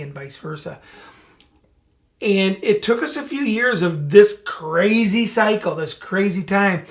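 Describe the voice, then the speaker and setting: A man's voice: sits high, slow pace. A middle-aged man co-hosting a talk show, speaking earnestly in casual chat and acting out quoted lines. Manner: earnest, storytelling, animated quoting. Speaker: podcast co-host.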